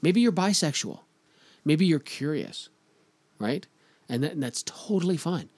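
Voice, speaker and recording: A man's voice: a little high, animated, measured pace, darkish tone. A man from Canada co-hosting a casual talk podcast, reading out news stories and joking about them with frequent laughter. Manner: reads news aloud and riffs on it, laughing often. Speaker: podcast co-host. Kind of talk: casual chat.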